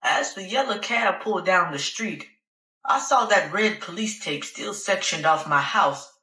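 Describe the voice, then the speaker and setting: A woman narrates a first-person story in a sassy, profane and conversational way. Her voice is bright and forceful. The recording has a roomy echo. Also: mid-range voice, animated, measured pace, recorded from a distance. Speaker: audiobook narrator.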